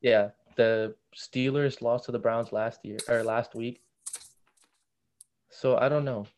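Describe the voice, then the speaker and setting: A young man co-hosting a casual sports podcast, measured and analytical as he weighs each matchup. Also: mid-range voice, fairly even intonation, darkish tone, slight background noise. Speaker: podcast co-host.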